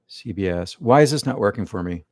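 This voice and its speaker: A man's voice: lowish voice, no echo, studio quality. A man hosting a live stream from his living room, grumbling with irritation as he talks to himself and his viewers. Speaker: livestream host. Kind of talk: live-stream reaction chat.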